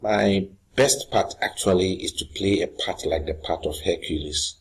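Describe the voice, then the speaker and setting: A man teaching a literature lesson, reading lines of a play aloud slowly and then explaining them in plain words with some hesitation. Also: deep voice, creaky, breathy edge, poor audio.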